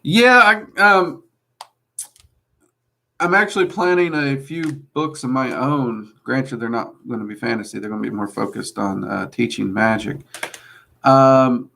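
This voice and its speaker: A man's voice: mid-range voice, a little slow, creaky, sharp tone. A man with a mixed Kentucky and Louisiana Southern accent, hosting a casual livestream and answering chat in a rambling, hesitant way. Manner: rambling, hesitant with many ums, friendly asides. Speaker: host answering live chat.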